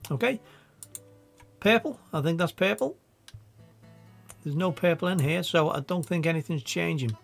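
A man with a Scouse accent giving a casual, chatty software tutorial, thinking aloud as he works. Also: on the high side, normal speed, vocal fry, long pauses, faint music behind. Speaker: video editing tutor.

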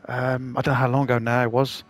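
A man's voice: medium pitch, flat delivery, fast talker. A man casually commenting on a video game he is playing for the first time, chatty and rambling. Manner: chatty, rambling, self-deprecating. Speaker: gaming channel host.

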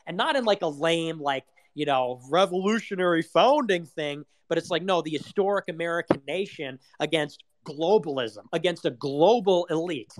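A man's voice: on the high side, expressive, normal speed, hardly any pauses. A young man hosting an audio chat room, giving a rambling casual political monologue full of rhetorical questions and swearing.

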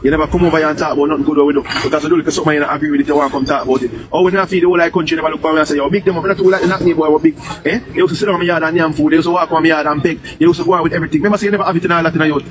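A Jamaican man rants on a live stream, firing off repeated taunts and demands at a rapid clip. His voice sits a little high for a man. Loud traffic noise and passing vehicles run underneath him. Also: fairly even intonation.

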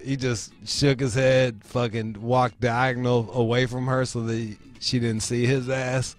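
A man's voice: mid-range voice, a little slow, few pauses, faint music behind. Profane rambling man telling a story. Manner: profane, rambling, animated retelling. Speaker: show host. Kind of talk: casual storytelling.

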